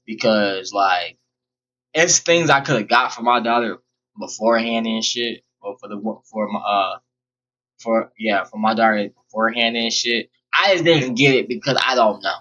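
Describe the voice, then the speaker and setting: A man's voice: lowish voice, normal speed, pushed and bright, highs cut off. A young man rambling bluntly and profanely through a personal storytime vlog. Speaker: vlogger. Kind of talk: casual storytime monologue.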